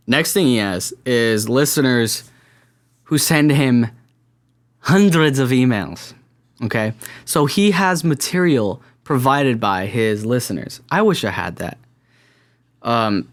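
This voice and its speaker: A man's voice: medium pitch, lively intonation, measured pace. Rambling solo podcast man. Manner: rambling and self-deprecating, many fillers. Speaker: podcast host. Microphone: camera-recorded podcast setup.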